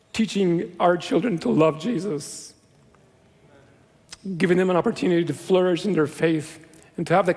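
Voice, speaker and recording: A man's voice: sits high, gravelly, a little mellow. A middle-aged male pastor preaching a sermon in a church, earnest and conversational with self-deprecating humor. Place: large church sanctuary. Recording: long reverb of a church hall.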